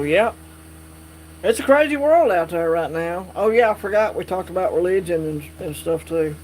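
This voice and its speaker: A man hosting a casual live stream, chatting with viewers in a relaxed, drawling way. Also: fairly high pitch, low-quality recording. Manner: drawling, relaxed, reads and answers chat. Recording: faint mains hum.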